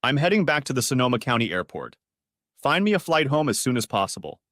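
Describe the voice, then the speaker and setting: A man's voice: mid-range voice, big pitch swings, quick pace, a bit bright, dry recording, clean studio sound. A man voicing a furious betrayed husband. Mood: weary. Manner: angry, clipped, cursing.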